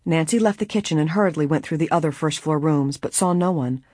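An audiobook reader narrating a mystery story in a measured way, with a breathy voice. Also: medium pitch, a little mellow, dry recording, studio quality. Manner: measured storytelling, voicing each character. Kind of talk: scripted narration.

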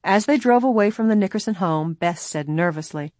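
A woman narrating an audiobook in a measured, expressive storytelling manner. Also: medium pitch, no echo.

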